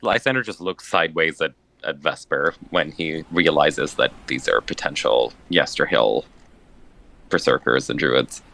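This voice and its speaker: A man's voice: extremely low pitch, unhurried, vocal fry, sharp tone. A man playing a tabletop game with a playful, joking manner. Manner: playful, jokey. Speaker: player.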